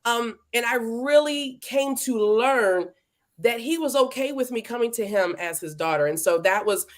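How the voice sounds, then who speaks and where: A woman's voice: on the high side, moderate pace. A woman hosting a live interview stream, chatting casually and playfully and greeting viewers by name. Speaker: livestream host. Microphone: livestream setup.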